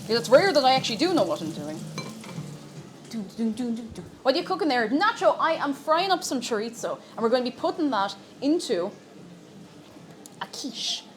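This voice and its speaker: On a live stream from her home kitchen, a young woman with a high-pitched, sing-song voice chats briskly and playfully with viewers as she cooks, repeating words for fun. Her desk microphone picks up a little hiss or hum, plus background music and frying sizzle.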